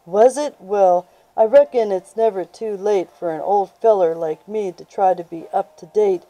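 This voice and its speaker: A woman's voice: medium pitch, moderate pace, warm tone, no echo, close to an everyday voice, low-quality recording. A woman reading the part of a kindly old male war veteran in a folksy rural drawl.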